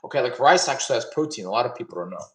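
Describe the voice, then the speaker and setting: A man chatting casually with his livestream audience and answering questions, laid-back and quick to laugh. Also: medium pitch, expressive, fairly bright tone, reverberant, low-quality recording. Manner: laid-back, chatty, laughs often, addresses chat as y'all. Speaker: streamer answering chat questions.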